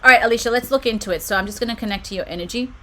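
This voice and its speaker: A woman's voice: fairly high pitch, rapid-fire, bright, forceful tone, a little hiss or hum. A woman hosting a casual livestream card reading from a room at home, chatting with viewers, reading out their comments and giggling often. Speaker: oracle card reader and channel host. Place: home room with her books on shelves behind.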